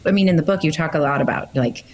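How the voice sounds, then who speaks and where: A woman's voice: sits low, fast talker, a little mellow, dull audio. A woman hosting a podcast interview, asking upbeat questions and giggling often. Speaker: podcast host. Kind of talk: casual interview chat.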